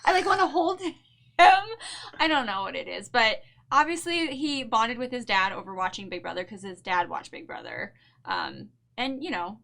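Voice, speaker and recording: A woman's voice: fairly high pitch, big pitch swings, moderate pace, creaky, a bit bright. A woman co-hosting a casual show, chatting in a bubbly way and laughing often, with a New Jersey accent. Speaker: podcast co-host. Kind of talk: casual chat recap.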